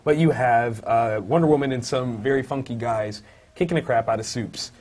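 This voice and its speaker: A man co-hosting a casual comic book review podcast, thinking aloud with many fillers and breaking into loud, high-pitched outbursts when excited. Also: moderate pace. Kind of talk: casual chat.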